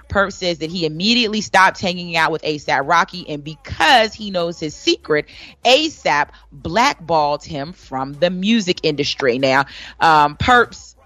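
A woman reads the day's celebrity gossip as a radio host, chatty and quick to laugh. Her pitch swoops widely. The sound is close and dry. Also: a bit bright, no room sound. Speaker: radio entertainment news host. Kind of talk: radio gossip news segment.

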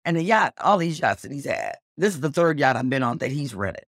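A middle-aged woman telling a story as an interview guest, animated and acting out the dialogue she quotes. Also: a little fast, husky, no room sound, clean studio sound. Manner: animated, acts out quoted dialogue with big pitch jumps.

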